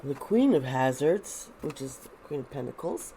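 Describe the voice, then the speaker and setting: A woman's voice: rumbling low, expressive, normal speed, mellow, a little hiss or hum. A woman hosting a casual tarot reading, thinking aloud with many restarts and sounding a bit nervous. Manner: nervous, uneasy. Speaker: tarot reader and video host.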